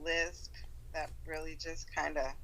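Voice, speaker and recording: A woman's voice: low-pitched, level tone, a little slow, sharp tone, rough recording. A woman guest on a podcast chatting casually, upbeat and playful, laughing often.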